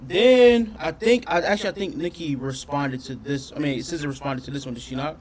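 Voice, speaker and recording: A man doing casual reaction commentary on his channel, talking in an animated, profane way and often questioning his audience. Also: on the high side, brisk, a crowd in the background. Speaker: reaction streamer.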